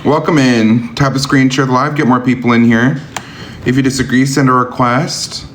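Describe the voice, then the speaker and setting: A man's voice: mid-range voice, steady tone, moderate pace, slight background noise. A man hosting a live-streamed debate, talking bluntly with a sarcastic, argumentative edge.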